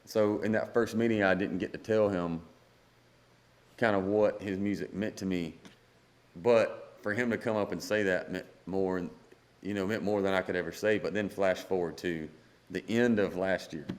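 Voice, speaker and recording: A man's voice: sits low, fairly even intonation, moderate pace. A man in his thirties, a country singer-songwriter guest, telling a story and acting out the dialogue. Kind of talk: storytelling in a podcast interview.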